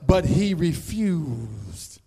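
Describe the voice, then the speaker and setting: A male preacher delivering a sermon, moving from measured storytelling to fervent, shouted proclamation. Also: fairly high pitch, very animated, slightly rough. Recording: long reverb of a large hall.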